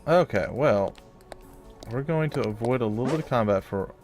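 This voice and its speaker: A man's voice: mid-range voice, animated, normal speed, a little mellow, soft background music. A man hosting a gameplay video, chatting and joking with his viewers as he plays. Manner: chatty and jokey, addressing viewers as guys and folks. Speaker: let's play host. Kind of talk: casual gameplay commentary.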